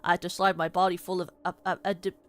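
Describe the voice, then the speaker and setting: A woman's voice: fairly low pitch, flat delivery, quick pace, lightly acted. A woman voicing a gloating fat monster guardian. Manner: menacing, pompous taunts.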